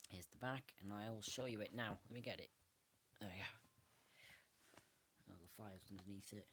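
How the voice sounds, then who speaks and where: A man with a lowish voice casually shows a book on camera in a show-and-tell, rambling through it, restarting often and correcting himself. There's a little hiss or hum in the recording.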